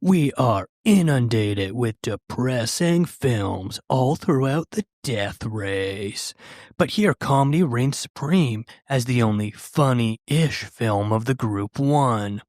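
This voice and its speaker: Man, reads vote tallies, dry wry asides, mid pitch, no room sound. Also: animated, slow, darkish tone, no echo. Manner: dry, matter-of-fact with asides. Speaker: results narrator. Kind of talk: reading vote results.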